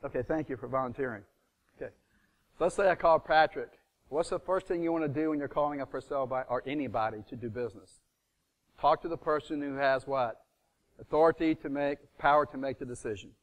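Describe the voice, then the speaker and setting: A man's voice: mid-range voice, a little fast. A middle-aged man leading a live real estate seminar, quizzing the audience with fill-in questions and acting out phone calls.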